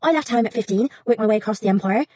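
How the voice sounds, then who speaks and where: A woman's voice: on the high side, very fast, no room sound, voice pushed up, lightly acted. A woman voicing an overjoyed, tiny young woman in her late teens who gushes in a sing-song way. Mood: excited. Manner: excitable, gushing, sing-song.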